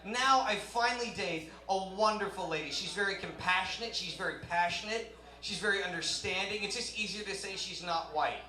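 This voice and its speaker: Male stand-up comedian, high-pitched, rambling self-deprecating delivery, stage mic, echoey club. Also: moderate pace. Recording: roomy live club sound.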